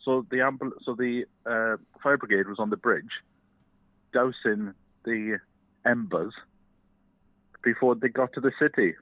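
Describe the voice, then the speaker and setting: A man from London phoning in to a show, telling an anecdote in a steady, slightly halting way. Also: medium pitch, no echo. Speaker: caller. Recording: dry, tinny phone line.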